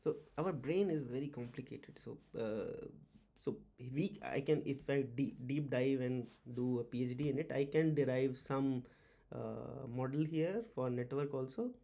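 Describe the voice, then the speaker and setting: A male automotive diagnostics instructor gives an informal whiteboard lecture in a mid-range, gravelly voice with a dark tone. His delivery is halting, full of "uh" fillers and restarts, and he repeats key words.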